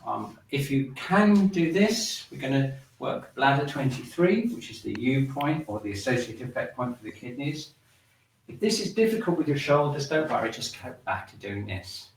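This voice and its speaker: A man teaching a shiatsu breathing and movement class, guiding the listener calmly through each step. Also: medium pitch, moderate pace, vocal fry. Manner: calm instructive, guiding along with the movements. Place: room in a shiatsu centre. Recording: roomy sound, mic at a distance.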